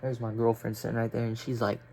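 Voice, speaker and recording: A man's voice: medium pitch, level tone, fast talker, creaky, warm tone, slight background noise. A young man telling a story casually, rambling and swearing with lots of fillers. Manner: rambling, profane, filler-heavy.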